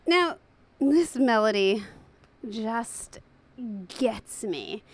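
A woman hosting a casual chat about art songs, playful and quick to laugh. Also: on the high side, lively intonation. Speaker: podcast host. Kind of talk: casual music discussion.

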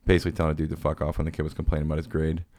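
Podcast host, man, extremely deep voice, casual rambling storyteller, crude and self-deprecating. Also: completely flat delivery, racing, mellow, dry recording. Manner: rambling, profane, self-mocking with quoted impressions.

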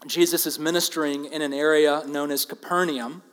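A man's voice: a little high, little pitch movement, moderate pace. Earnest preacher man in a reverberant hall. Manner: earnest, emphatic, swings between loud stress and quiet asides. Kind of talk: expository sermon. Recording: long reverb of a large hall.

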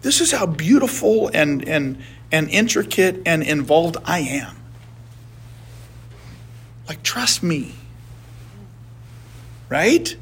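A man's voice: on the high side, big pitch swings, slow pace, pauses often, fairly bright tone, slightly rough. A middle-aged man leading a casual Bible study, earnest and heartfelt, often stumbling and repeating words as he talks.

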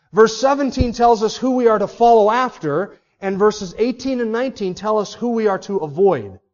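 High-voiced preacher on a dull recording. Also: male voice, a little mellow. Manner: emphatic, with rhetorical questions to the congregation. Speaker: pastor. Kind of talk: sermon.

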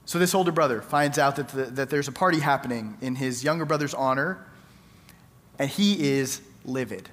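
A man's voice: medium pitch, normal speed, a bit bright, big-room sound. A male pastor preaching a sermon in a conversational storytelling way, acting out the quoted lines.

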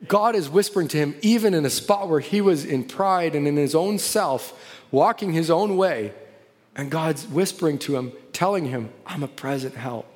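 A man preaching a sermon, telling a story dramatically and drawing quoted prayers out slowly, then building to emphatic preaching. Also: a little high. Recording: long echoing reverb of a large hall.

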